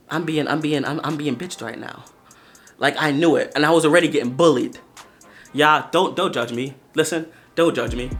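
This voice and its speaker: A man in his twenties telling a story to the camera in a casual, slangy, animated way, often talking straight to his viewers. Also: fairly high pitch. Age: 20s. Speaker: storytelling vlogger.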